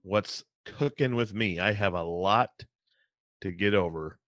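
A man's voice: low-pitched, a little slow, a bit bright, no echo, highs cut off. A man co-hosting a podcast, chatting casually in a playful, jokey way. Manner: playful, jokey, breaks into goofy sing-song bits. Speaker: podcast co-host. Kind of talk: casual chat.

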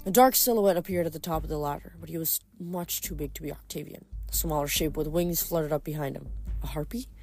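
A woman reading a novel aloud and adding rambling, expressive commentary between chapters. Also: deep voice, fast, husky, faint music behind. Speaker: audiobook reader.

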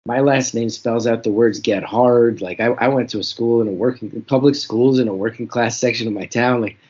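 A man's voice: mid-range voice, steady tone, moderate pace, a little mellow, breathy edge. A man, a comedian guest telling frank, reflective, self-deprecating stories in an interview. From New Jersey. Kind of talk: candid interview storytelling. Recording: dull lo-fi recording.

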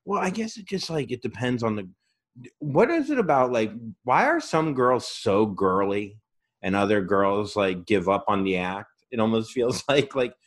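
A man's voice: lowish voice, expressive, normal speed. A man hosting a casual comedic podcast chat, joking, laughing often and acting out quoted voices. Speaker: podcast host.

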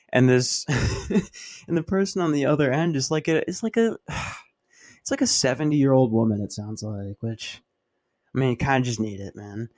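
A man's voice: medium pitch, lively intonation, normal speed, darkish tone. A man hosting a podcast, telling a rambling, profane, self-mocking story in a casual monologue. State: dry mouth. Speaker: podcast host.

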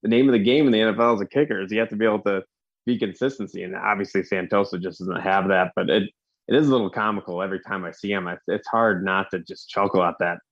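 A laid-back man with a fairly low voice gives casual football analysis, chuckling as he goes. The recording sounds dull and lo-fi. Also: fast. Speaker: sports podcast co-host. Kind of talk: casual sports talk.

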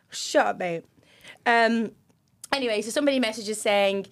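A woman's voice: on the high side, normal speed, pauses often. A young woman co-hosting a podcast in casual chat, giggly and reading out listener messages. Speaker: podcast co-host.

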